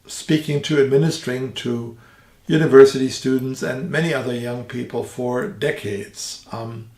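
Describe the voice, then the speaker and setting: A middle-aged German man with a German accent, giving an earnest podcast teaching talk slowly and deliberately. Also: mid-range voice, darkish tone, reverberant. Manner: earnest, slow and deliberate with many fillers. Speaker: theologian and evangelist.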